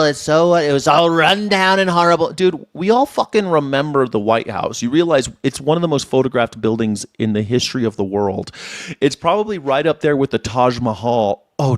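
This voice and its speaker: This man hosts a live news reaction show in loose, casual chat, rambling, swearing and laughing as he goes. His voice sits at an ordinary pitch, and it is recorded dry and close with no room sound. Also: no room sound. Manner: rambling, profane, laughs often. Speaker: host.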